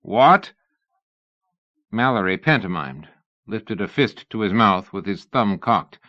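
Male audiobook narrator, steady, low-pitched, muffled recording. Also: unhurried, no echo. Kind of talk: scripted narration.

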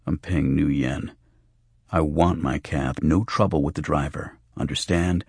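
A man's voice: very deep voice, steady tone, a little slow, husky, no echo, studio quality, exaggerated voice. A man voicing a hard, threatening male fixer in a clipped, menacing tone in an audiobook.

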